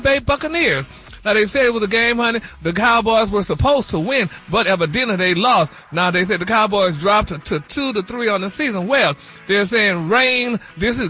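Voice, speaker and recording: A man's voice: high voice, bright, forceful tone. A man delivering celebrity gossip on a radio morning show in a flamboyant, sassy manner, calling everyone honey. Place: radio studio.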